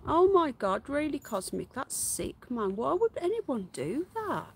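A woman's voice: sits high, big pitch swings, a little slow, gravelly, noisy background. A woman hosting a live stream from her garden, chatting casually, greeting viewers by name and calling out to her pets. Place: garden outdoors.

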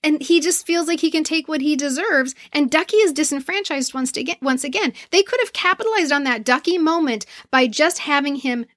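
A woman's voice: sits high, fairly quick, hardly any pauses, fairly bright tone, no echo, studio quality. A woman co-hosting a pop culture podcast, talking emphatically and gushing in casual chat. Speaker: podcast co-host.

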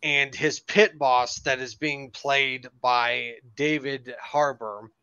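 A man co-hosting a podcast in casual chat, telling stories in an animated way and laughing often. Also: mid-range voice, takes it slowly, smooth, no echo, muffled recording. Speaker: podcast co-host.

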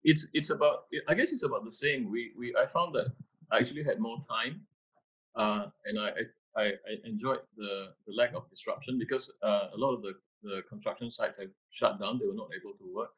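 A man's voice: fairly low pitch, a little fast, a bit bright, husky. Hesitant man on a muffled call. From Malaysia. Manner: hesitant, many restarts and fillers. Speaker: architect, panel guest. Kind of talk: casual video-call interview answers. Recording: muffled video-call audio.

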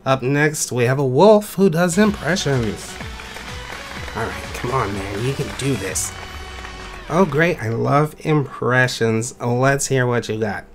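A man hosting and judging a talent show in an animated game skit, in a playful, wry way. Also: medium pitch, slow pace, faint music behind. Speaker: talent show judge and host.

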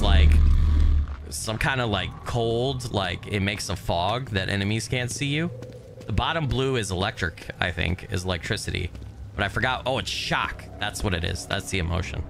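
A man casually commentating his game on a live stream, greeting viewers by name and swearing offhandedly, his voice a little hoarse from recovering. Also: lowish voice, moderate pace, noisy background. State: voice still recovering, slightly hoarse. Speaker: gaming streamer.

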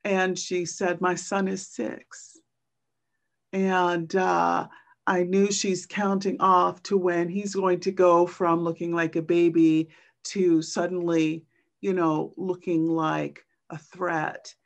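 A woman poet and teacher tells stories on a video call, slow and halting with many pauses and fillers. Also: lowish voice, little pitch movement, vocal fry. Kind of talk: reflective storytelling in a virtual book talk.

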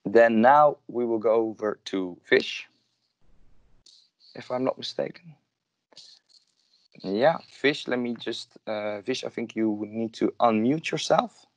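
A man's voice: mid-range voice, slow, pauses often, no echo. A man hosting and introducing a webinar, speaking hesitantly with frequent fillers. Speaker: webinar host.

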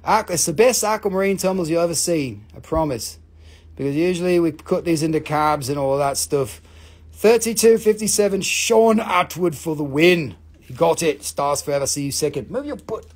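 A husky-voiced woman hosts a live online rock sale, swearing freely and rattling off rapid countdowns. Her talk is excitable and loose, and her voice has a rough, breathy edge. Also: deep voice. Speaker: live-stream rock and mineral seller. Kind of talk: live online sales show.

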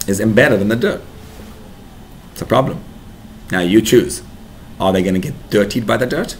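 A man's voice: fairly low pitch, slight background noise. A man giving a Torah class to parents as a rabbi, talking animatedly and building to emphatic bursts.

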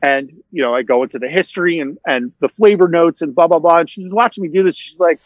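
A man's voice: fairly high pitch, fast, hardly any pauses, no echo. Rambling man telling a story. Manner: rambling, many fillers and restarts. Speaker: interview guest. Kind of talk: casual storytelling. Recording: dull, dry sound.

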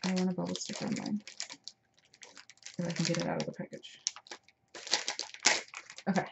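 Kletsende vrouw met krakerige, lage stem. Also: female voice, fairly low pitch, sing-song, normal speed, gravelly. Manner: chatty, self-deprecating, talking while working. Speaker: craft video host. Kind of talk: casual crafting tutorial. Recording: dull lo-fi home recording with noise.

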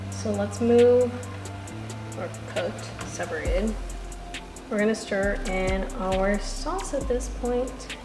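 A woman dietitian chatting casually through a home cooking vlog, self-deprecating and quick to laugh. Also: medium pitch, reverberant, over music. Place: home kitchen.

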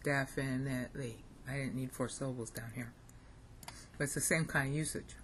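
A language teacher, a woman with an American accent and an extremely low-pitched voice, gives an informal recorded lesson at a moderate pace with fairly even intonation. She thinks aloud and often checks in with "okay?", and there is slight background noise.

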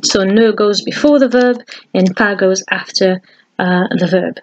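A woman's voice: mid-range voice, measured pace, muffled recording. A woman teaching a French lesson for families, patiently repeating each phrase and encouraging the listener. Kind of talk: slow, patient language lesson for children and parents. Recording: steady background hiss.

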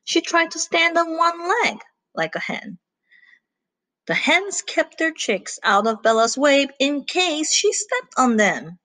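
A woman reading a children's story aloud in an animated way, pausing to ask her listeners questions. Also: sits high, no room sound.

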